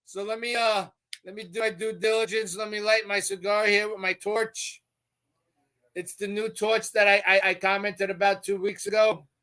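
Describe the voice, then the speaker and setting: A man hosting a live stream with a hoarse, recovering voice, chatting casually and greeting viewers by name with boisterous shouts. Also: high-pitched, flat delivery, moderate pace. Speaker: live stream show host.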